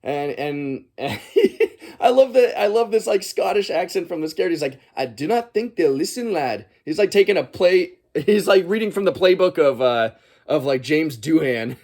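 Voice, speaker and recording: A man's voice: a little high, lively intonation, moderate pace, darkish tone. A man giving a casual, rambling movie commentary, often chuckling as he goes. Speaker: movie reviewer.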